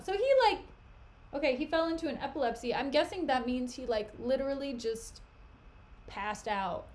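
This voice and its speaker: This young woman's voice is high and a little mellow, moving at normal speed. She's streaming a casual reading of a play, recapping it in a giggly, chatty style packed with "like" and "you know."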